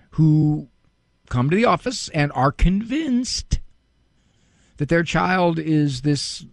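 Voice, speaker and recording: Wry, lively male radio host. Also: a little high, creaky, dry recording, clean studio sound. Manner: wry, joking, animated, with playful word games. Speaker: radio talk show host, psychologist. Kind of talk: casual radio monologue. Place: radio studio.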